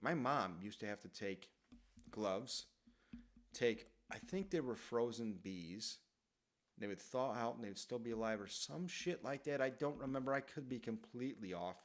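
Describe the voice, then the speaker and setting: A man's voice: mid-range voice, animated, normal speed. A man in his thirties casually telling rambling, profane stories from his childhood in a self-deprecating way. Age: 30s. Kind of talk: casual storytelling monologue.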